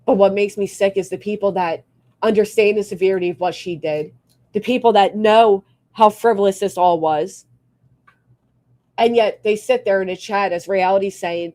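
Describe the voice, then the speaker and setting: A woman's voice: mid-range voice, moderate pace, dark tone. Brief: fired-up, foul-mouthed woman live streamer, blunt rants mixed with thank-yous to members. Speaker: livestreamer. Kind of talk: live stream rant and member shout-outs.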